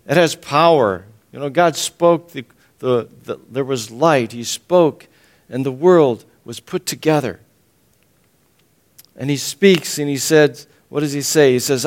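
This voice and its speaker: A man preaching a sermon and teaching from the Bible, emphatic, repeating his phrases, often clearing his throat and chuckling. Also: medium pitch, a little slow.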